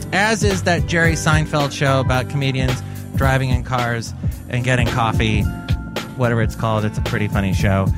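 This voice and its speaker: A man hosting a casual comedy podcast, jokey and rambling with silly asides. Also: mid-range voice. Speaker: podcast host.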